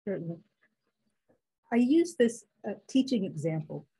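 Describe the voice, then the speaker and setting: A middle-aged woman, a biblical scholar guesting on an interview, speaking in an emphatic, teacherly way and listing names in a measured cadence. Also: medium pitch, sing-song, mellow, breathy edge, low-quality recording.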